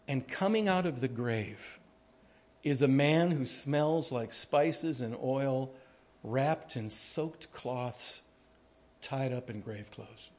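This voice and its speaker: Man preaching a dramatic sermon. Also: slow pace. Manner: dramatic storytelling, swinging from hushed to booming; speaks directly to the congregation. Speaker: pastor.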